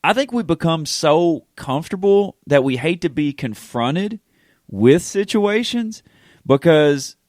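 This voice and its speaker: A man, a pastor co-hosting a casual faith podcast, talking in a rambling, animated way with many restarts. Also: on the high side, measured pace, no echo, studio quality. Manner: animated, rambling, self-interrupting with fillers.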